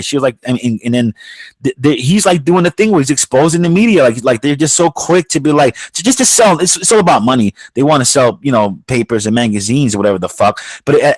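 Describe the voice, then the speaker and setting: A blunt man co-hosting a podcast, swearing freely through a casual rant. He sounds a little aggressive without being angry, and the sound is dry and close with no room echo. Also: medium pitch. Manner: blunt, profane, calls himself aggressive-sounding. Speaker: podcast co-host.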